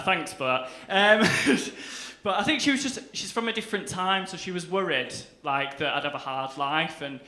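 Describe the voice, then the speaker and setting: A man's voice: a little high, bright, forceful tone. A young man from England with a Northern English accent, doing a chatty, self-mocking stand-up set on a club stage. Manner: chatty, self-mocking, breaks into laughter, acts out quotes. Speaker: stand-up comedian. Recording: roomy club sound with faint hiss.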